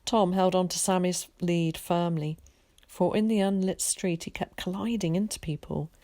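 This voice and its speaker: Give me a calm woman teacher reading a chapter aloud, low and mellow. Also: moderate pace, no echo, clean studio sound. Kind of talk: storybook read-aloud.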